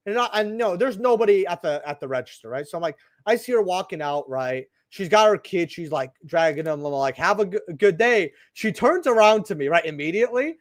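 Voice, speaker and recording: A man's voice: high voice, big pitch swings, a little fast, hardly any pauses, no room sound, studio quality. A young man hosting a card-opening video, telling a rambling workplace story in casual chat with lots of asides and "right?" tags. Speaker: channel host opening trading cards.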